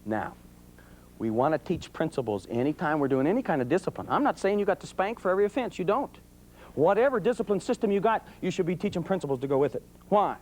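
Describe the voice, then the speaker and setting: Guy with a high voice, folksy storyteller talking to a crowd about parenting, jokes around. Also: animated, quick pace, a little mellow, slight background noise. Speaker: police sergeant giving parenting talk. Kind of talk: folksy talk to a live audience.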